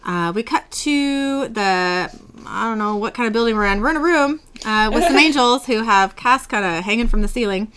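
A woman's voice: a little high, a bit bright, clear, resonant tone. A woman hosting a casual podcast, animatedly retelling a show's episode and giggling often. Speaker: podcast host.

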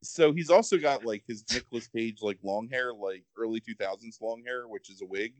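A man's voice: medium pitch, a little fast, no echo. Rambling man in casual chat. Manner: rambling, animated, heavy on "like".

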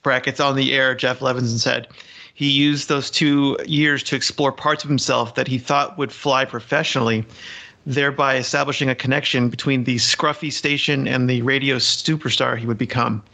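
A man's voice: medium pitch, normal speed, creaky. A man co-hosting a podcast who talks in a casual, emphatic way, repeating words for stress, and reads book passages aloud. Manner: animated, emphatic, repeats himself. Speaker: podcast co-host.

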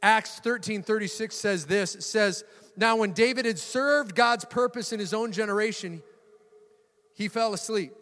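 Preaching at a moderate pace, this middle-aged pastor has a voice pitched high for a man. His sermon is lively storytelling laced with playful humor and laughs, broken by phrases he hits hard for emphasis. Long reverb, like that of a big hall, surrounds him.

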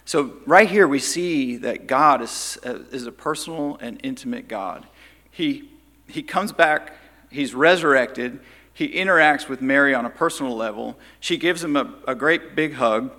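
A man leads a Bible study, retelling the story in a conversational way and briefly voicing the quoted lines. His voice is bright and forceful, and a long hall reverb trails after it. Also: mid-range voice, unhurried. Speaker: Bible teacher.

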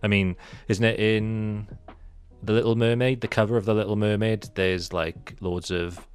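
A man co-hosting a casual podcast chat. He talks in a relaxed, rambling way with fillers. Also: fairly low pitch, normal speed, clean tone, faint music behind. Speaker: podcast co-host.

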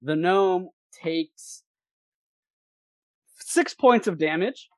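A game master narrating a tabletop role-playing game in a lively, laughing way with quick asides. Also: medium pitch, no room sound.

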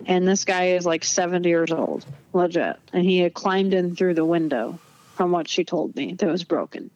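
A woman's voice: fairly low pitch, normal speed, a little mellow. A young woman telling her story as an interview guest, bluntly, with heavy filler words and free swearing. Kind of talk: casual storytelling. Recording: dull lo-fi, dry close sound.

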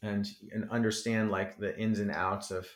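A man's voice: fairly low pitch, normal speed. Rambling, cursing man in an echoey room. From New Jersey. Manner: rambling, animated, swears freely. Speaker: rapper, podcast guest. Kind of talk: casual interview chat.

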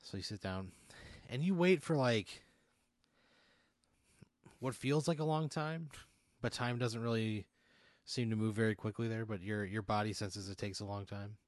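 A man's voice: fairly low pitch, moderate pace, pauses often, no room sound, clean studio sound. Rambling man narrating a role-play. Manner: rambling, many fillers. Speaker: game master.

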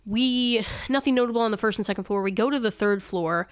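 A woman's voice: fairly high pitch, fairly quick, clear, resonant tone, no room sound, clean studio sound. A young woman co-hosting a paranormal podcast, telling a ghost-hunting story in a rambling, self-correcting way and laughing often. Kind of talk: casual storytelling chat.

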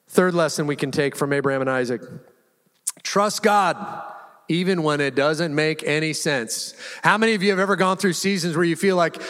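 High-voiced male pastor in a reverberant hall. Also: normal speed, a bit bright. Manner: conversational, humorous storytelling preacher. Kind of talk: sermon. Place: church sanctuary. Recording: live church hall reverb.

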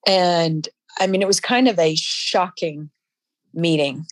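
Recorded dry, a woman with a lowish voice appears as an interview guest and tells a personal story, halting and emotional, with frequent restarts.

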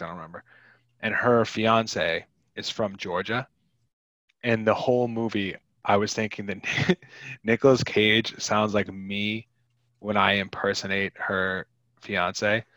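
A man's voice: fairly low pitch, fairly bright tone, no room sound, muffled recording. A man hosting a podcast, chatting casually about a film in a rambling, wry way. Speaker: podcast host.

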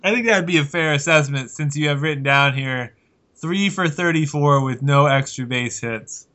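A man's voice: on the high side, moderate pace, pushed and bright. A man co-hosting a casual sports podcast, trading playful teasing banter. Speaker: podcast co-host. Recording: dull lo-fi sound.

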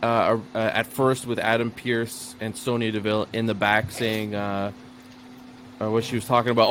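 A man's voice: on the low side, little pitch movement, normal speed, a bit bright, a little hiss or hum. A man co-hosting a casual podcast who rambles through exasperated retellings. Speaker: podcast co-host. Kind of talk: casual chat.

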